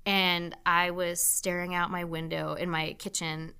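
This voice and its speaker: A woman's voice: lowish voice, little pitch movement, measured pace, sharp tone, smooth. A young woman nurse being interviewed, talking candidly and emotionally, swearing freely. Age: young adult. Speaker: nurse guest. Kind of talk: casual interview talk.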